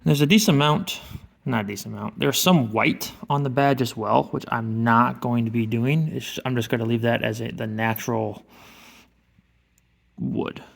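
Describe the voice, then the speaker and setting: A man's voice: mid-range voice, moderate pace, creaky. A man narrating his woodworking project in a rambling, casual way, talking to himself as he works. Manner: drops into a hushed whisper while doing delicate work. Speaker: woodworking vlogger. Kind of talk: casual talk while working.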